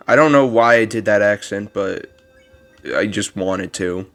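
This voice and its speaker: A man's voice: on the low side, unhurried, fairly bright tone. A man casually commenting on a game he is playing, offhand and self-deprecating. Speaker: game channel host.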